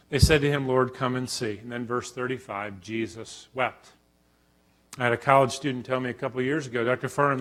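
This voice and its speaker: Animated man teaching a Bible session. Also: fairly high pitch. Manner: animated, acts out quotes with sudden loud bursts. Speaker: professor teaching a church conference session.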